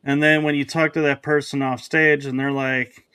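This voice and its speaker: A man's voice: a little high, little pitch movement, normal speed, pushed and bright, smooth, no room sound. A man hosting a podcast in casual conversation, speaking hesitantly with frequent restarts and acting out quoted remarks. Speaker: podcast host.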